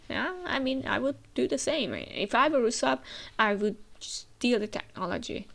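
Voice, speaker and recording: Woman host with a cold, tired and gravelly, chatty reaction commentary. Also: mid-range voice, big pitch swings, moderate pace, fairly bright tone. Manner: chatty, hesitant, many fillers. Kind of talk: casual reaction commentary, reading aloud.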